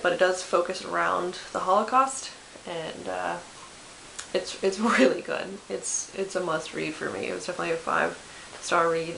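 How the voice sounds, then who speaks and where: A woman's voice: fairly low pitch, vocal fry, a bit bright. A woman in her twenties chatting casually about books she loves, with lots of fillers and self-corrections. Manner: chatty, self-deprecating, many fillers and restarts. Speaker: book vlogger. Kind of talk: casual chat. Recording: echoey room with faint hiss.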